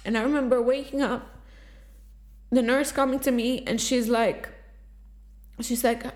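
A woman with a high-pitched voice speaks in a raw, unscripted confessional monologue. She talks emotionally, swearing freely and circling back with fillers and restarts as she goes. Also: fairly even intonation, measured pace, darkish tone. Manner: rambling, filler-heavy with frequent restarts. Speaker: vlogger sharing a personal story.

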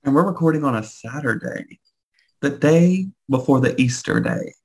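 A young woman co-hosting a podcast, joking in a blunt, deadpan way with plenty of cussing. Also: a bass voice, normal speed, breathy edge. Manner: blunt, deadpan, profane humor. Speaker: podcast co-host. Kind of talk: casual chat.

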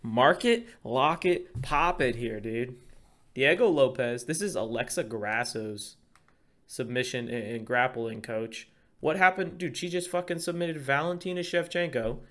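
A man co-hosting a fight-betting podcast, talking at an ordinary middle pitch. He gets excitable and profane, talking over himself as he hypes up his favourite picks. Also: measured pace. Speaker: podcast co-host. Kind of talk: casual chat.

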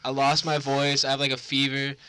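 A man's voice: medium pitch, brisk, clean tone. A young man co-hosting a podcast, telling childhood stories in a profane, laughing, casual way. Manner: profane, laughing, animated storyteller. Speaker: podcast co-host. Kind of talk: casual storytelling chat.

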